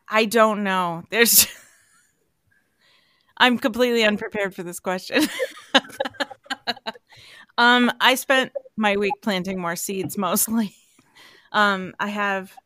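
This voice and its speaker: A woman's voice: mid-range voice, sharp tone, no room sound, studio quality. A young adult woman co-hosting a podcast, chatting casually and laughing often between her words. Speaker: podcast co-host.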